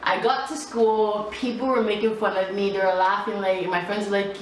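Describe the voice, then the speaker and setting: A young woman vlogger telling a casual storytime in an animated, chatty way, full of slang and laughter. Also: medium pitch, brisk, few pauses. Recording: echoey room, distant mic, faint hiss.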